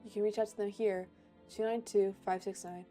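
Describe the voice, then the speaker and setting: A woman's voice: medium pitch, flat delivery, fairly quick, dark tone, soft background music, close to an everyday voice. Woman putting on a pompous mystic fortune-teller. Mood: mystical, sweeping. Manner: grand, sweeping, mystical.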